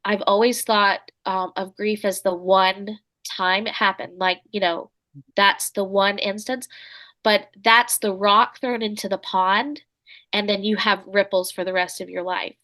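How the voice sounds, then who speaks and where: A woman author, a guest on a podcast, talking in an earnest, thoughtful and soft-spoken way. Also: mid-range voice, fairly even intonation, measured pace. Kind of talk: conversational interview.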